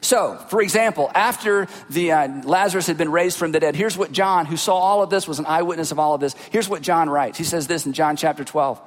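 A man preaching a sermon with animated delivery, asking the congregation rhetorical questions. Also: on the high side, fairly quick, hardly any pauses. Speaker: pastor. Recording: long hall reverb.

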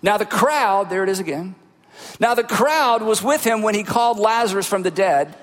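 High-voiced preaching man in a big hall. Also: normal speed. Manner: animated preaching with rhetorical questions. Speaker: pastor. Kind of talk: sermon. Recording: long hall reverb.

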